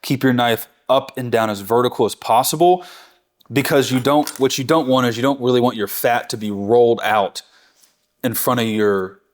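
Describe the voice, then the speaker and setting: A man's voice: medium pitch, moderate pace. Chatty, enthusiastic man teaching barbecue. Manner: enthusiastic, chatty, self-correcting. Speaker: barbecue instructor. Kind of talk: real-time cooking tutorial.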